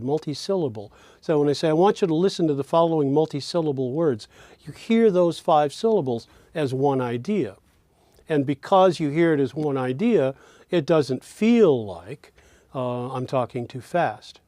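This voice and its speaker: A man teaching a recorded lesson, speaking slowly and repeating words aloud to show their melody, with fillers and restarts. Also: mid-range voice, darkish tone, dry recording, studio quality.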